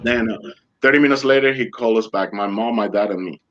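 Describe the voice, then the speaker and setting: A man's voice: on the low side, fast talker, muffled recording. A man being interviewed online, telling his own story in non-native English and acting out other people's words. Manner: animated, acts out dialogue in other voices. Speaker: interview guest. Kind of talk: personal storytelling.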